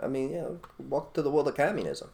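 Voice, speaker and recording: A man co-hosting an opinionated casual chat, blunt and animated, repeating his phrases for emphasis. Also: on the high side, fast talker, creaky. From United States. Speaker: co-host.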